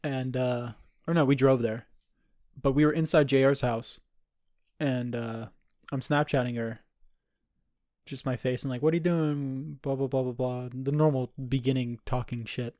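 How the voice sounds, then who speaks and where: A man's voice: mid-range voice, steady tone, moderate pace, a little mellow, no room sound, studio quality. A man in his twenties, co-hosting a podcast and telling a rambling, profane party story in casual chat. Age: 20s. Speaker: podcast co-host.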